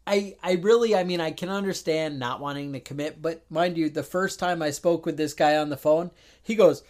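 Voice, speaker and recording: A man's voice: on the high side, normal speed, darkish tone. A man co-hosting a podcast in casual chat, telling a long story with exasperated asides and acted-out phone calls. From New York. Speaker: podcast co-host.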